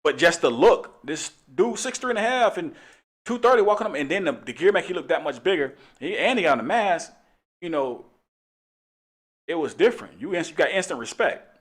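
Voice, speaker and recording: A man's voice: fairly high pitch, lively intonation, brisk. A middle-aged man, a police officer hosting a talk show, telling a casual story in a laid-back way and laughing often.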